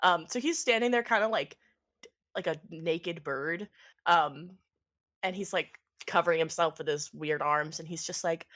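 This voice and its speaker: A woman's voice: lowish voice, measured pace, fairly bright tone. A woman narrating a tabletop game as game master, loose and full of laughter and fillers.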